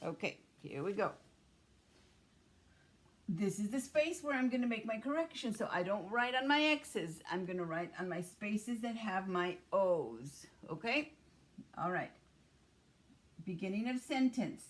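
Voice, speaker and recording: A woman teaching a class of young children, speaking slowly and patiently as she sounds out each letter and word. Her voice sits at an ordinary pitch. She drags out each syllable for the kids to copy. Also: sing-song. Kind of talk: early-grade writing lesson.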